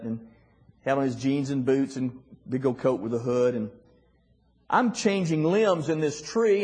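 A middle-aged man with a husky voice, telling a heartfelt personal story as a guest speaker, his voice dropping soft at emotional moments. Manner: emotional, voice dropping soft and rising high in quoted lines. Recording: long hall reverb.

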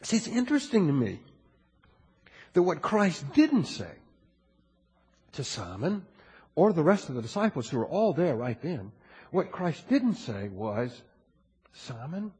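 A man's voice: on the high side, huge pitch swings, a little slow, pauses often, a little mellow, breathy edge. An older man preaching a sermon in a conversational way, often restarting his sentences and adding asides, in a large church. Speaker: pastor. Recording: long hall reverb.

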